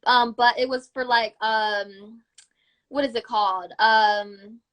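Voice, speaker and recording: A woman's voice: a little high, fairly even intonation, takes it slowly, fairly bright tone. A young woman guest in a casual interview, upbeat and saying "like" often as she talks. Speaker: guest YouTuber.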